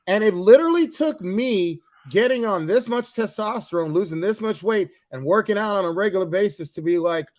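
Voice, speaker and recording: A man in casual podcast chat, loud and profane, who bursts into shouting. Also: sits high, animated, brisk, few pauses. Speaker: comic book writer and comedian guest.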